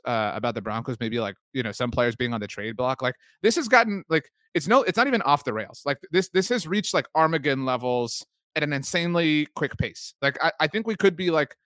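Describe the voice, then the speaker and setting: A man co-hosting a sports podcast in casual chat, talking loosely with many fillers and quick laughs. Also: fairly high pitch, a bit bright, no room sound, studio quality. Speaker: podcast co-host.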